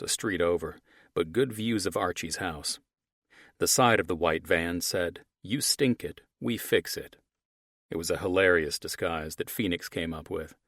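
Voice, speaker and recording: A very deep-voiced man narrates an audiobook in the first person, gruff and steady. His voice is recorded close up on a dry studio mic. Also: no echo. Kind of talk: scripted narration.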